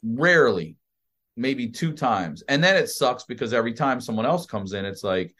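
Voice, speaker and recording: A man tells a wild story as a podcast guest, swearing freely and jumping into other people's voices. His pitch swings widely as he talks, though it sits in an ordinary middle range. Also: moderate pace. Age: adult with a child. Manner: animated, profane, acts out other people's voices. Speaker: comedian guest.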